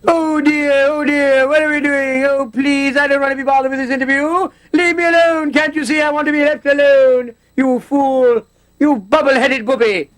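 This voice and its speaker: A man imitating a fussy, pompous older male villain from a space TV show, in a shrill and theatrical way. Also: steady tone, normal speed, fairly bright tone, rough recording. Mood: indignant.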